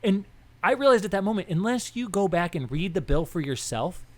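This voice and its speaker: A man's voice: high voice, fairly quick. Rambling young man telling podcast stories. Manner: rambling, animated storytelling with quoted dialogue. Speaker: podcast co-host. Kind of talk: casual political chat.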